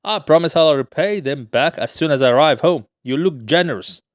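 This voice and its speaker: A man's voice: fairly high pitch, expressive, a little fast, no room sound, studio quality, lightly acted. A man voicing a boastful young male petty official, an arrogant swindler, as he reads a play aloud. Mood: ingratiating. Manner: indignant, pleading for money, brash.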